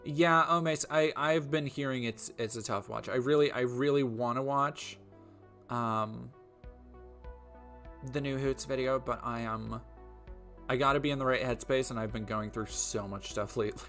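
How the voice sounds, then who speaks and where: A man's voice: medium pitch, normal speed, a bit bright, soft background music. A tired man chatting casually on a live stream, rambling and trailing off, his voice giving out. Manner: rambling, trailing off, many fillers.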